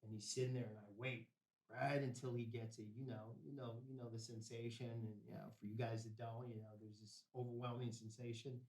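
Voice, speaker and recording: Man, guest storyteller; blunt and street-casual, heavy on "man"; mid pitch, reverberant room, distant from the mic. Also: flat delivery, fairly quick, darkish tone. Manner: blunt, profane, peppers talk with "man" and "bro". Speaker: podcast guest. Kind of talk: personal storytelling in conversation.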